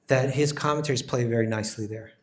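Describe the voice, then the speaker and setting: A man teaches a scripture class with a mid-pitched voice. He explains with animated emphasis and often restarts phrases while thinking aloud. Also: quick pace.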